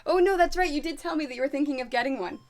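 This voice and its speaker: A woman's voice: high-pitched, very fast, darkish tone, slight background noise. A woman with a mixed American and Canadian accent, chatting casually with her stream from her home sewing studio. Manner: chatty, scattered, talks to chat and her dogs. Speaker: quilting streamer. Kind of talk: casual live-stream chat while working.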